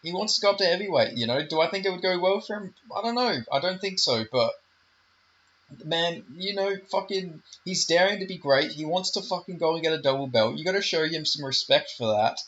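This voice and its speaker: A man's voice: a little high, animated, brisk, a bit bright, muffled recording, slight background noise. A man giving a heated, profane casual rant about fighters, full of fillers and swearing. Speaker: MMA commentary YouTuber.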